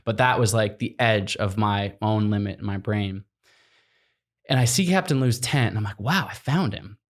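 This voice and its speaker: A man's voice: on the low side, normal speed. A man in his thirties telling an adventure story in a podcast interview, acting out the quotes and laughing often. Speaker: guest, explorer.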